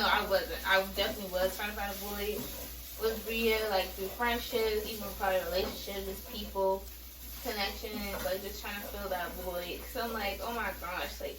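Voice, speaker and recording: A woman's voice: medium pitch, fairly bright tone, recorded from a distance. A young woman in her twenties talks candidly to camera, with lots of fillers and restarts. Her voice sits a little back from the mic in an echoey room, with faint ambient noise behind it. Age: 20s. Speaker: vlogger. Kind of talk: personal storytime vlog.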